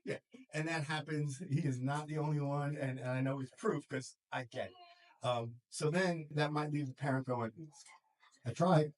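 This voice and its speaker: A middle-aged man, a school counselor, talking casually to a room of students and parents, acting out quick quoted voices and often laughing. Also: on the high side, fairly even intonation, rough recording. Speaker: school counselor and life coach. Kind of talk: casual talk to a group.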